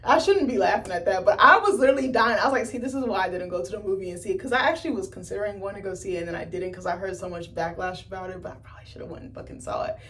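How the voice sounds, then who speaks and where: An animated woman talks through a film review in loose, casual chat, cursing and laughing as she acts out the scenes. Her voice sits a little back from the mic, so the sound sits a touch distant. She keeps jumping into high, excited replays of the characters' lines. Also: racing, few pauses, slight background noise.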